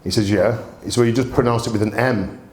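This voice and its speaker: A man's voice: fairly low pitch, fast talker, a little mellow. A man, hosting a gin tasting and telling humorous stories in a chatty way, laughing often. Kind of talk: anecdotal storytelling presentation. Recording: roomy echo.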